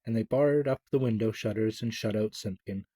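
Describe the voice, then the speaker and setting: Mellow man reading a children's storybook, dry close sound. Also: lowish voice, moderate pace, no echo. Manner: gentle, expressive reading with small stumbles.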